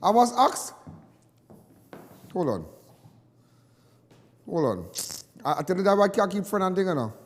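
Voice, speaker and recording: High-voiced, impassioned Trinidadian man ranting. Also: very animated, a little slow, long pauses, big-room sound. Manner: impassioned, repetitive, indignant. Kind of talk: call-in talk radio rant.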